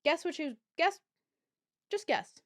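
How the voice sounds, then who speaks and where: Young woman streamer, high and lively voice, unhurried, bubbly chatter with squealy hellos. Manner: bubbly, swings from mumbling to squealing greetings. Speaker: livestreamer. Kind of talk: casual live stream chat.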